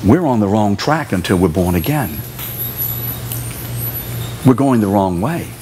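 Man, pastor, sermon, low voice, animated, faint room ambience. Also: a little slow, slight background noise. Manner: animated preaching, acts out quoted voices and shouts. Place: church sanctuary.

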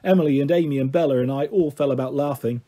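A man narrating a children's book in a gentle, steady reading voice. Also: medium pitch, quick pace. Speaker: storyteller.

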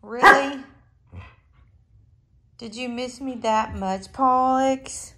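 A woman's voice: high voice, drawn-out words, sharp tone, no room sound. A woman from Western Kentucky with a Kentucky accent, chatting casually in a vlog and cooing sing-song at her dogs. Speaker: vlogger. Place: outdoors by a lake and at home. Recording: noisy outdoor recording.

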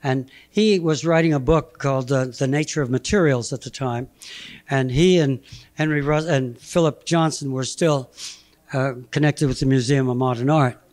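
A man in his eighties giving a halting, anecdotal slide talk, chuckling between memories. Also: mid-range voice, darkish tone. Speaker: guest speaker presenting slides. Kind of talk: anecdotal lecture.

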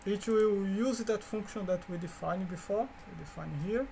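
A man whose first language is Portuguese, teaching a coding lecture in a halting way, with fillers, restarts and repeated words. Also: sits high, vocal fry, mellow, slight background noise. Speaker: course instructor.

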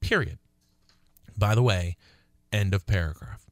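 A middle-aged man hosting a radio show as an attorney, explaining lease terms emphatically and slowing to read contract wording aloud. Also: fairly low pitch, no room sound, clean studio sound.

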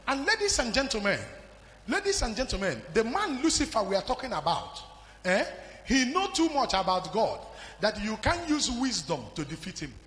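A man with a Nigerian accent preaching a fiery sermon as pastor, swinging from hushed to shouting. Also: sits high, a little hiss or hum. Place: large church hall. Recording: live hall with music behind.

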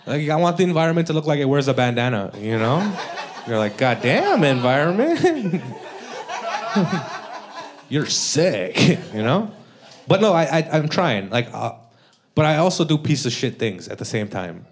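A man's voice: a little high, sing-song, moderate pace, a crowd in the background. A man doing a live stand-up comedy set, talking loosely and casually, with frequent tag questions like "all right?". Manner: loose, conversational, peppered with "all right?" and "you know?". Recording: live club with audience. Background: audience laughter.

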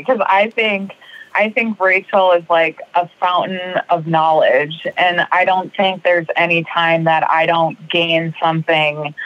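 A woman's voice: fairly low pitch, muffled recording. A woman guest on a recovery podcast, speaking earnestly and hesitantly with fillers. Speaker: guest sharing recovery story. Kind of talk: casual podcast chat.

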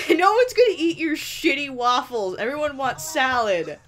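A woman's voice: high-pitched, sing-song, moderate pace, a bit bright. A woman giving playful, giggly gameplay commentary, teasing the characters and talking straight to them on screen. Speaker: let's play host.

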